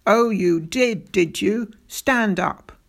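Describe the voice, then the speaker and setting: A woman playing a stern, bullying male schoolteacher with a military past, who shouts and barks his orders. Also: medium pitch, expressive, takes it slowly. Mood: menacing. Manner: shouting, barking.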